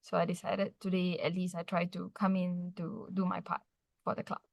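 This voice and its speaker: A woman's voice: on the low side, monotone, normal speed, gravelly, no room sound. Hesitant woman sharing on a call. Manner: hesitant, many fillers and apologies. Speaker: club member. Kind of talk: casual sharing on video call.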